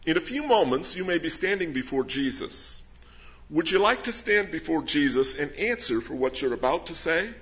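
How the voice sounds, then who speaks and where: A man's voice: medium pitch, a bit bright, dull audio. A man preaching a sermon, reading scripture and asking rhetorical questions with earnest emphasis. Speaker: pastor.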